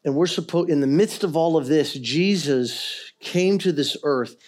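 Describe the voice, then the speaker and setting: His pitch a little high and his pace measured, a middle-aged pastor delivers a sermon that alternates between hushed sincerity and loud, fervent outbursts.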